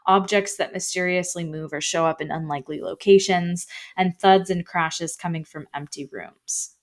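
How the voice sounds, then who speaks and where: A woman's voice: on the low side, fairly even intonation, normal speed. A young woman co-hosting a podcast, reading ghost stories from an article in casual chat, with a slight lisp and some stumbling over her words. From Canada. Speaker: podcast co-host.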